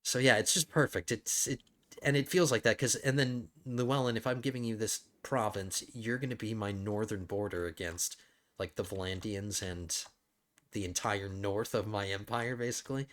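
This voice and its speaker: A man's voice: on the low side, fairly even intonation, normal speed. A man hosting a let's play, thinking aloud in casual gameplay commentary, rambling with frequent restarts.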